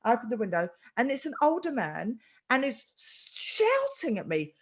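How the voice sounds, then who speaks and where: A woman's voice: fairly high pitch, moderate pace, few pauses. A woman hosting a casual chat, telling a story animatedly and acting out the voices in it. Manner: animated storyteller, acts out quotes. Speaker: host.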